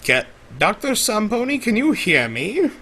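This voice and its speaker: A man's voice: sits high, sing-song, unhurried, pushed and bright, husky, heavily acted. A man voicing Discord, a vain, theatrical male chaos spirit who calls people darling, drawls, sighs and laments melodramatically, in an improvised in-character Q&A livestream. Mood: fussy, bewildered.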